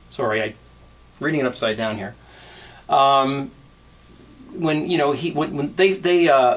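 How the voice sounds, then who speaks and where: Homebrew vlog guy, average pitch, stops and restarts a lot, thankful. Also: fairly bright tone. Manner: halting, many restarts, grateful. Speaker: homebrewing vlogger. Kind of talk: casual vlog.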